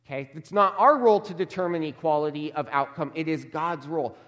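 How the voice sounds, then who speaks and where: A man preaching a sermon as a pastor, emphatic and measured, slowing down to stress key words. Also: on the high side, fairly bright tone, long reverb tail.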